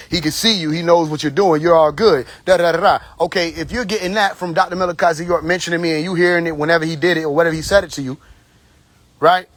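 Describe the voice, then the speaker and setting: A man's voice: on the high side, a bit bright. A man hosting a casual livestream on his phone, talking bluntly and profanely in a long, rambling, tipsy monologue. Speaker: live stream host. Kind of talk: casual live stream monologue.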